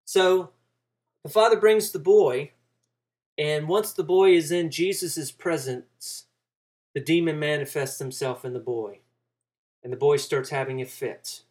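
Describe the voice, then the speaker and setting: Preacher teaching through a scripture passage. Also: male voice, a little high, measured pace, darkish tone. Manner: expository teaching, acts out quoted lines with rising emphasis. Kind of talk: sermon.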